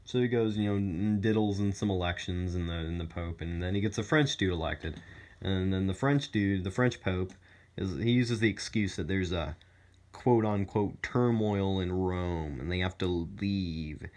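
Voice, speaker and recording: A man's voice: low voice, normal speed, a little mellow. A male student giving a casual, rambling, irreverent spoken summary full of fillers.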